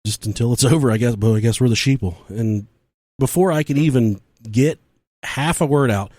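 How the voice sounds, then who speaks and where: A man co-hosting a podcast, talking at an ordinary pitch. He tells a rambling, profane story and jumps into other people's voices. The sound is close and dry, with no room echo. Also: moderate pace. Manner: profane, animated storyteller who acts out quotes. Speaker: podcast co-host. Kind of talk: casual podcast chat, storytelling.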